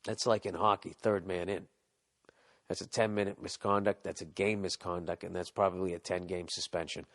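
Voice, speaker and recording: A man's voice: low voice, flat delivery, brisk, fairly bright tone. A man hosting a podcast, delivering a rambling, profane, sarcastic comedic rant. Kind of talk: ranting comedic monologue.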